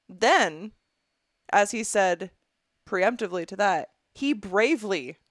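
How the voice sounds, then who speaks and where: A woman's voice: mid-range voice, dry recording. A young woman co-hosting a casual podcast in a studio, reading a listener's letter aloud and breaking off into blunt, profane, disgusted commentary. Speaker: podcast co-host.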